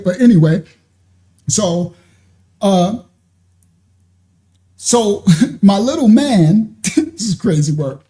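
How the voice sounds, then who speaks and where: A show host tells a personal story in casual storytelling mode, his voice high-ish and mellow. He's animated, laughs often, and acts out the voices of people he quotes.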